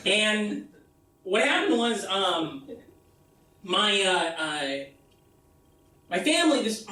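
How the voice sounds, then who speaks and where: An American man telling a profane comic story live on stage, breaking into shouted bits. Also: high-pitched, big pitch swings, takes it slowly, long pauses. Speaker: comedian. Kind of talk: comedic one-man stage show. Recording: echoey live room, mic far off.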